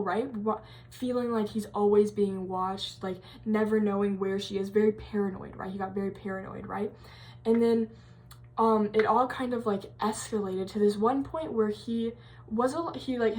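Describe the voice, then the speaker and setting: A woman's voice: on the high side, darkish tone. Rambling young woman telling a creepy story. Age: young adult. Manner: rambling, many fillers and restarts. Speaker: college vlogger. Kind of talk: casual storytelling.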